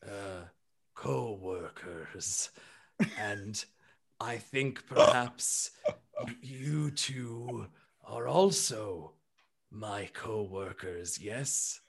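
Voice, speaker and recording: A man doing a slow gentle elephant alien. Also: lowish voice, expressive, creaky, breathy edge, pitched below the performer's own voice, exaggerated voice. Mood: gentle, earnest. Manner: slow, hesitant, soft-spoken.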